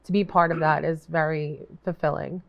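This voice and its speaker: Low, flat-voiced woman guest. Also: normal speed, creaky, dull audio. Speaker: guest, autism program worker. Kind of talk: interview answers.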